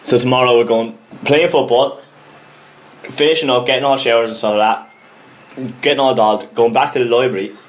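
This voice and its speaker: A young man with an Irish accent, co-hosting a casual podcast and telling animated stories, laughing as he goes. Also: mid-range voice, brisk, pauses often. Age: young adult. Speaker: podcast co-host. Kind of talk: casual storytelling chat.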